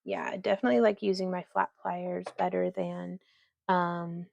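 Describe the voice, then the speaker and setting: A woman's voice: lowish voice, little pitch movement, moderate pace, creaky, darkish tone, no room sound, lo-fi sound. A woman hosting a casual crafting livestream, chatting as she works and reading viewer comments aloud. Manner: chatty, reads viewer comments aloud, talks to her dog.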